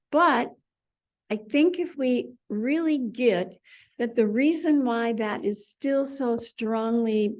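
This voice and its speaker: Expressive woman leading a spiritual class. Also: a little high. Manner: animated, repeats words as sound effects. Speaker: class leader. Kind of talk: spiritual study class discussion.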